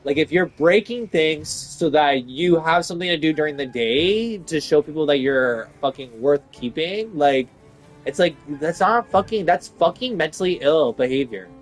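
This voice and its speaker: Ranting man, fairly high voice. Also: lively intonation, normal speed, soft background music. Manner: profane, exasperated, rambling with many fillers. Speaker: vlogger venting about work. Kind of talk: casual rant.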